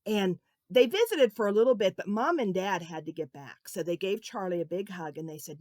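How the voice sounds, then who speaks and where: Lively woman telling a children's story. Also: medium pitch, a little fast, no echo. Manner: animated, asks listeners questions. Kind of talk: children's Bible story narration.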